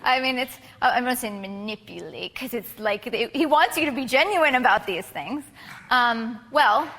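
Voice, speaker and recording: A woman's voice: fairly high pitch, expressive, moderate pace, fairly bright tone. A woman giving a casual, chatty photography workshop talk to a live group, full of fillers and restarts. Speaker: photography instructor. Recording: reverberant hall recording.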